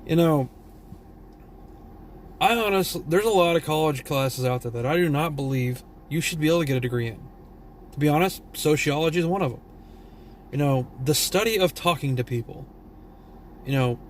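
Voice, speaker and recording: A man's voice: a little high, a little hiss or hum. A tired man from Texas with a Southern drawl, vlogging a blunt, profane, rambling rant. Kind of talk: casual opinion rant.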